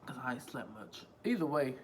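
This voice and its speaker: A man's voice: medium pitch, big pitch swings, a little fast, a little hiss or hum. A man vlogging a casual storytime on a phone, rambling, repeating himself and swearing freely. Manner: rambling, profane, self-repeating.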